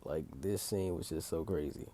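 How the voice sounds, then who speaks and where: A man's voice: rumbling low, moderate pace, mellow, a little hiss or hum. A man casually recapping a TV episode, rambling and packing his talk with filler words as he retells scenes. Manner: rambling, heavy use of filler like "like" and "or whatever"; retells scenes by quoting characters in his own plain voice. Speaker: video host recapping a TV episode.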